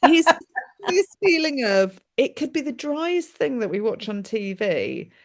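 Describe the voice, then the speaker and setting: A woman leads a live mediumship demonstration, talking in a chatty, animated way and laughing often. Her voice sits fairly high for a woman. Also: unhurried. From United Kingdom.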